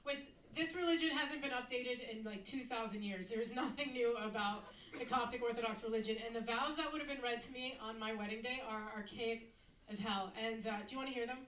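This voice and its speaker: A woman's voice: on the high side, fairly quick. Woman doing stand-up in echoey club. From United States. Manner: deadpan delivery with sudden loud mock outbursts. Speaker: stand-up comedian. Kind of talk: stand-up comedy set. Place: comedy club stage with audience laughter. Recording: echoey club recorded from a distance.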